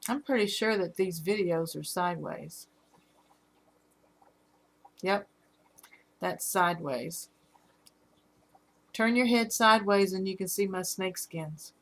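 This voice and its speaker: A middle-aged woman with a Southern accent, hosting a casual live stream about her fish, halting often with fillers. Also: mid-range voice. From Alabama. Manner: rambling, halting with fillers, reads out chat comments.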